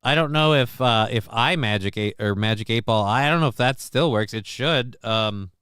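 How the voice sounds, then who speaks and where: Streaming casually from his desk at home, a middle-aged host rambles through a story with free swearing, reads out viewer messages, and voices quotes of himself and others in a livelier, raised tone. He speaks in a mid-range, slightly bright voice at a moderate pace, clean and dry.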